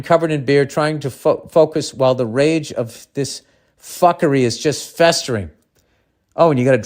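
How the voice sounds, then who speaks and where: A man hosting a podcast, reading a listener's letter aloud and breaking in with profane, sarcastic asides. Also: mid-range voice. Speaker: podcast host.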